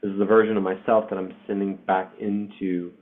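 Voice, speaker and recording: Man, 40s, low voice, candid emotional storyteller with swearing and fillers, heard over thin phone-like call audio. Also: flat delivery, fairly quick. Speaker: spiritual group host. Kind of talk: casual personal storytelling. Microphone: online video session.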